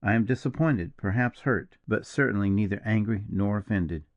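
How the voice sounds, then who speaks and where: A man reading a brooding, gravelly partisan officer. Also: fairly low pitch, no room sound, lo-fi sound, natural voice. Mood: gentle. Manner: slow, mournful, measured. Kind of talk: audiobook character reading.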